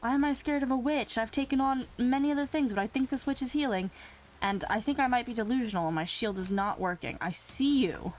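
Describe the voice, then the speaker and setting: Over slight background noise, this young Minecraft let's play host talks briskly and casually. She gets flustered with the mobs and answers them back, alternating between exclaiming and muttering low.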